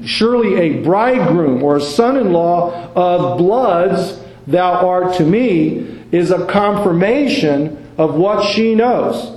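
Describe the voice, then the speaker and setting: Slow, high-voiced man teaching scripture. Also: a little mellow, reverberant, rough recording. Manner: measured, careful, emphasizes quoted words. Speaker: Bible teacher. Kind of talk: slow expository Bible study reading.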